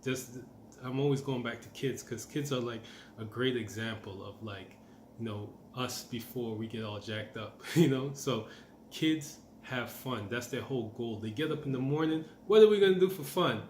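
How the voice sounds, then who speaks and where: A man's voice: mid-range voice, normal speed, roomy sound, a little hiss or hum. A middle-aged man giving a casual, encouraging self-help talk as a manifestation coach, repeating his points and using lots of fillers.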